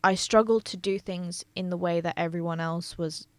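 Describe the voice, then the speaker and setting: Chatty Yorkshire woman, low voice. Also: steady tone, moderate pace, smooth, dry recording. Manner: chatty, laughs often, rambling restarts. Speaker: podcast host. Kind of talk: casual conversational interview.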